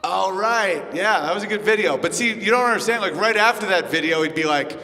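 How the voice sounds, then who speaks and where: A man performing a crude, animated stand-up set in a comedy club and trading remarks with the crowd. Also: sits high, fairly quick. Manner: brash, crude, animated storytelling. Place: comedy club stage before a live audience. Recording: live club recording with hall reverb and crowd noise.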